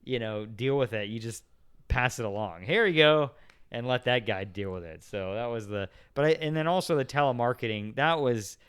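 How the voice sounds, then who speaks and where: Smooth-voiced man telling work stories. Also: mid-range voice, normal speed. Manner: rambling storyteller, acts out voices of callers and himself. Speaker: podcast guest. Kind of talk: casual chat.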